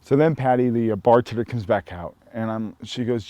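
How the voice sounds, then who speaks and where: A man from Montana casually telling a personal story in a relaxed, rambling way, full of "you know" fillers. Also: mid-range voice, a little fast, no echo. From Helena, Montana. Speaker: storyteller sharing his coming-out experience.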